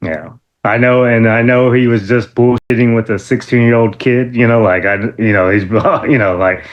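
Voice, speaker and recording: Animated man telling a wrestling story. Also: moderate pace, muffled recording. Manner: animated, acts out quotes in a high excited voice; laughs often, many fillers and restarts. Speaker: interview guest, former wrestler. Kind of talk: casual storytelling interview.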